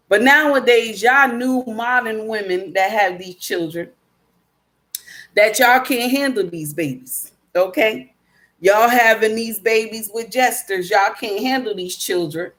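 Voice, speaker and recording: A woman's voice: a little high, a little slow, a bit bright. Emphatic woman lecturing her live chat. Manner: emphatic, preachy, repeats points; calls listeners baby and my dear. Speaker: live stream host reading chat. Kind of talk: casual livestream talk.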